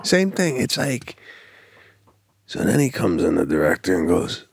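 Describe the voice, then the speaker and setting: Gravelly comic podcast co-host. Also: male voice, deep voice, no echo, clean studio sound. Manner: animated, self-mocking, quick bursts. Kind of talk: casual comedic storytelling.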